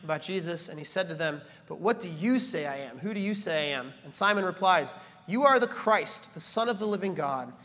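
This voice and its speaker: A man preaching a sermon as a pastor, animated, building to emphatic peaks and slipping in joking asides. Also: fairly high pitch, a little fast, few pauses. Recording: reverberant church hall.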